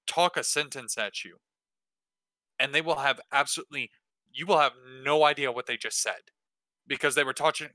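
A man's voice: mid-range voice, bright, forceful tone, smooth, no room sound. A man hosting a tabletop game workshop, answering questions casually with many hesitations and restarts. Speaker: dungeon master hosting a workshop. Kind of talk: casual Q&A talk.

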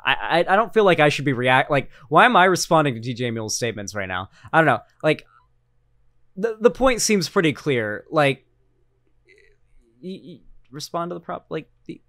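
A man's voice: medium pitch, a bit bright, dry recording, clean studio sound. A man streaming a video reaction, rambling loosely and talking to his chat. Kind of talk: casual commentary chat.

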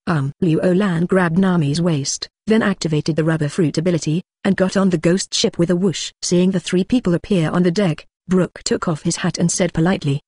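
A synthetic audiobook narrator reading a fan novel in a flat machine delivery, speaking punctuation marks aloud as words. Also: mid-range voice, fairly quick, hardly any pauses, dry recording, studio quality. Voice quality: flat text-to-speech delivery, reads symbols as words.

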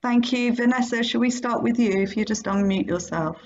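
A woman's voice: a little high, a little fast, slight background noise. A woman facilitating a webinar, politely inviting speakers and thanking them over a video call. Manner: polite, brief prompts and thanks. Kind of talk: moderating a webinar. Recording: dull lo-fi video call audio.

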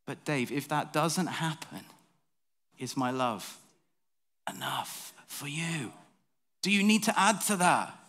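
A man voicing God, soft and patient. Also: on the high side, normal speed. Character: calm, gentle male God speaking.

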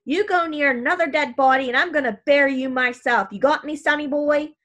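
A woman's voice: high-pitched, brisk, fairly bright tone, voice pushed up. A woman voicing a grumpy older man who scolds children in a demanding hiss. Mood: angry. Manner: hissing, demanding.

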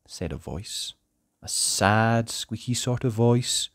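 A storyteller reading a children's picture book aloud in an expressive, sing-song way. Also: medium pitch, takes it slowly, no room sound, clean studio sound.

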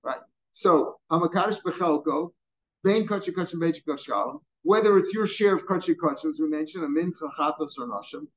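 A man teaching a line-by-line Talmud lesson, reading Hebrew and Aramaic phrases and explaining them in chatty English, now and then acting out the speakers in the text. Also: a little high. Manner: acts out the speakers in the text with quick asides. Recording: dull lo-fi recording.

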